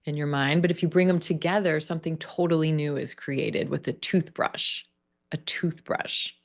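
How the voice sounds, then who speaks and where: A woman teaching an online pronunciation class, drilling words slowly and clearly over a video call. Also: low voice, fairly even intonation. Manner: slow, clear drilling of word stress. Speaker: pronunciation coach.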